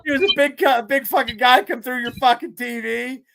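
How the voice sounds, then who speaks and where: A man's voice: very high-pitched, brisk, a loud crowd. A man in his fifties, a podcast co-host, telling rambling, profanity-filled stories in casual chat. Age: 50s. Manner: profane, rambling, animated storytelling.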